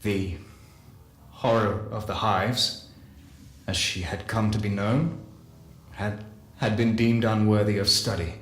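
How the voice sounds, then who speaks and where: An actor playing a solemn male scientist narrating a game audio journal, measured and confessional. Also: on the low side, steady tone, a bit bright. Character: solemn male scientist recounting guilty secrets. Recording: echoey voice with faint music.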